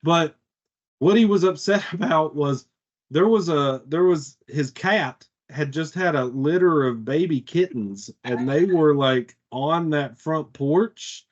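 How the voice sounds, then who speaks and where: A man's voice: a little high, slow, muffled recording. A man on a casual podcast telling a long story, rambling and profane, with lots of "like" fillers. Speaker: podcast co-host.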